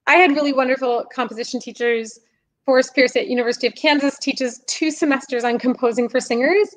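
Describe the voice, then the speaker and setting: A young woman with a high voice talks through her craft in a podcast interview. Her delivery is animated and explanatory, and she laughs easily as she goes. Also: rough recording. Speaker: podcast guest, singer and composer. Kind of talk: conversational interview.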